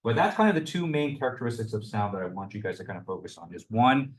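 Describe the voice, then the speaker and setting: A man's voice: lowish voice, big pitch swings, fast, slight background noise. A young adult man giving a university lecture as the instructor, explaining loosely with lots of hedges and fillers. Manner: loose and hedging, full of "you know" and "kind of".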